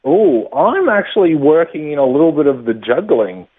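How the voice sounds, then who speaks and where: A man's voice: a little high, big pitch swings, moderate pace, husky. Chatty comedian man on a tinny line. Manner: chatty, self-deprecating, laughs often. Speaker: stand-up comedian guest. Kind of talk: casual interview chat. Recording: tinny phone-line sound.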